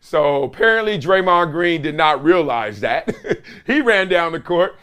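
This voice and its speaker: A man's voice: on the high side, expressive, measured pace, a bit bright, clear, resonant tone. A man in his forties hosting a solo sports talk show, telling stories with playful impressions and laughs. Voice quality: voice gets strained easily. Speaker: host. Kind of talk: animated solo sports commentary.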